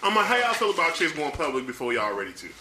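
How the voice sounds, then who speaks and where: A man's voice: on the high side, very animated, fast talker, reverberant, a loud crowd, rough recording. A man in a casual podcast chat, joking and teasing the others.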